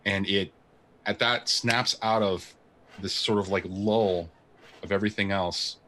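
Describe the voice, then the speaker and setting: A man's voice: lowish voice, fairly even intonation, measured pace, pushed and bright. A man narrating as game master of a tabletop game, describing scenes at length with many fillers.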